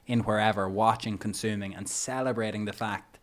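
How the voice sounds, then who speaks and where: A man's voice: fairly low pitch, fairly even intonation, a little fast, slight background noise. An Irish man hosting a podcast, asking long, rambling questions in a chatty way. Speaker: podcast host. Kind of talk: casual podcast conversation.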